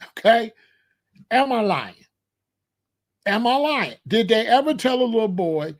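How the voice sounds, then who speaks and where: A man speaks in a fairly high voice. He argues his point emphatically in casual commentary, throwing out rhetorical questions and hammering key words again and again. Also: animated, unhurried, long pauses. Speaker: commentary host.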